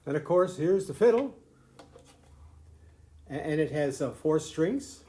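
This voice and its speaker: A man's voice: fairly high pitch, lively intonation, unhurried, warm tone. An older grandfather explaining the fiddle to a grandchild in a folksy, rambling way, full of restarts and chuckles. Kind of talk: casual home video lesson.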